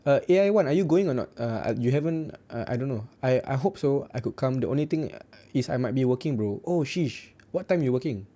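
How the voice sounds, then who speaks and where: A man's voice: medium pitch, lively intonation, brisk, few pauses, dark tone. A young man with a Singaporean English accent hosting a casual trading livestream, reading out viewer comments and tagging "right" onto his sentences in a blunt, joking way. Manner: chatty, repeats "right" often, blunt and joking. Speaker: forex trading livestream host.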